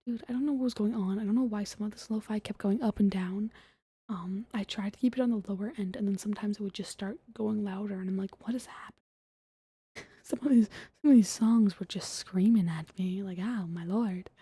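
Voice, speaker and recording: A young woman streaming as a VTuber, chatting softly and giggling in a half-whisper after an ASMR stream. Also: mid-range voice, brisk, breathy edge. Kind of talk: soft-spoken ASMR stream chat, often whispered.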